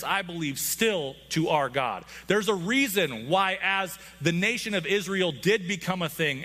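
A man's voice: high-pitched, bright, forceful tone. A man, a pastor, preaching a conversational sermon to his congregation with frequent asides.

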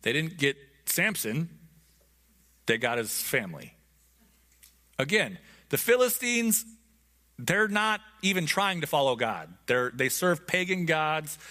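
A man's voice: a little high, pushed and bright. A man teaching a Bible lesson in a casual, conversational way, often checking in with his listeners.

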